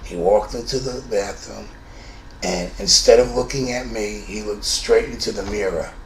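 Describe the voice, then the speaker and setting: A man's voice: lowish voice, normal speed. A man in his fifties from New York with a New York accent, telling a true story in a blunt, profane, conversational way. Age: 50s. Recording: roomy room with faint noise.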